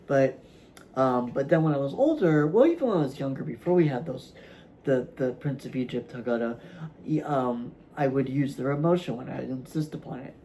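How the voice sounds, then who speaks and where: A man hosting his own vlog, talking casually to camera from a room at home, halting and rambling with many fillers and restarts, yawning at times. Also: mid-range voice, dark tone, slight background noise, rough recording. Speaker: vlog host.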